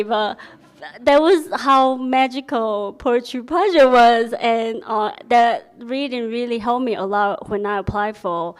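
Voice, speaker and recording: A woman's voice: on the high side, unhurried. A woman, a featured poet whose first language is Mandarin, making casual remarks before her reading, hesitant, with many fillers and self-conscious laughter.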